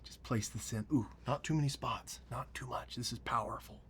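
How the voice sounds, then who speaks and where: A man hosting a calm painting lesson, narrating his brushwork in an easy, mid-pitched voice. He often drops to a near whisper while concentrating. A faint hiss sits behind the recording. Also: a little fast. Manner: soft-spoken, often dropping to a near whisper while working. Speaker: painting show host. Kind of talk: relaxed painting tutorial with running commentary.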